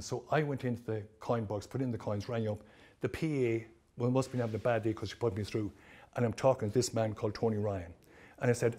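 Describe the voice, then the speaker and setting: A middle-aged Irish man giving an animated storytelling presentation at a training day, acting out the people he quotes. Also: medium pitch, husky. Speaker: motivational speaker.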